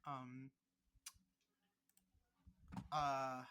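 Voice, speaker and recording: A man's voice: medium pitch, monotone, drawn-out words, pushed and bright, clean tone. A man co-hosting a podcast over a remote call, teasing his co-host in crude, mock-angry casual chat full of swearing.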